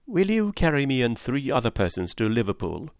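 A man reading an audiobook voices a composed English gentleman who asks calm, measured questions. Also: medium pitch, no echo, clean studio sound. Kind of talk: audiobook character voice.

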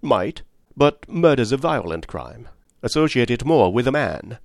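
A blunt, no-nonsense woman of middle years barks out short, clipped phrases with words dropped, as a male reader puts her on. The voice is pitched a little higher than his own and recorded dry and close. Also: sing-song, measured pace, gravelly, dry recording.

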